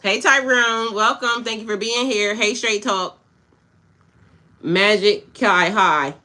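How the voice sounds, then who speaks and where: A woman hosts a spiritual reading stream, talking bluntly and casually to her viewers. Her voice has a bright, sharp edge, and she mixes slang with pep-talk advice. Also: medium pitch, slow pace. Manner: casual, blunt, slangy, talks back to chat. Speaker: spiritual coach. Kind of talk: livestream tarot-style reading with chat.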